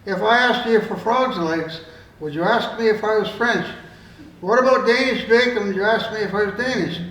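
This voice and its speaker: A man's voice: sits high, normal speed, a bit bright, pitched above the performer's own voice. An older man voicing an indignant, argumentative Irishman at a store counter in a told joke. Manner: indignant, insistent, rising. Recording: roomy room, mic far off.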